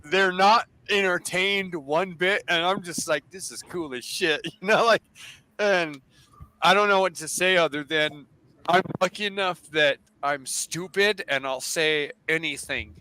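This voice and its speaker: An American man casually telling a rambling, profane story on a livestream, animated and full of restarts. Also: high-pitched, measured pace, smooth, low-quality recording. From United States.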